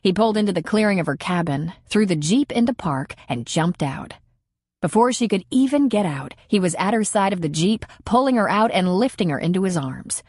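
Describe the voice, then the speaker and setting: A woman narrating a romance audiobook in an expressive storytelling manner. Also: lowish voice, a little fast, breathy edge, dry recording, clean studio sound. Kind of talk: scripted narration.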